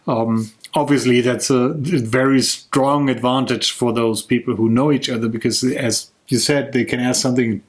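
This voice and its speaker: Casting: man, middle pitch, dry teasing co-host in casual chat. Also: steady tone, moderate pace, hardly any pauses. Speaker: co-host of a board game vlog.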